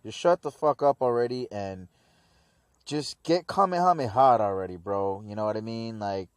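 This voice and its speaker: A man's voice: mid-range voice, clear, resonant tone, no room sound, clean studio sound. A man giving a casual, rambling anime episode review, full of slang like dude and man.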